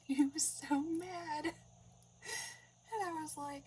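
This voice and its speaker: A woman in a casual crafting chat who tells stories, laughs often and drops into soft whispered asides. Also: sits high, sing-song, takes it slowly, long pauses, distant mic, noisy background. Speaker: craft vlogger.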